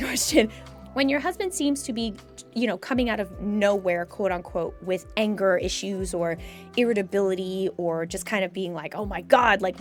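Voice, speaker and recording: A woman in casual chat about mental health, answering chat questions emphatically and acting out her own inner thoughts. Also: on the high side.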